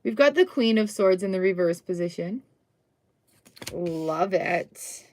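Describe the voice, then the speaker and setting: A woman's voice: on the low side, animated, slow pace, a little mellow, slight background noise. A middle-aged woman doing a casual, chatty tarot reading on a live stream, full of upbeat exclamations. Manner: chatty, upbeat, exclamations and little sung bits.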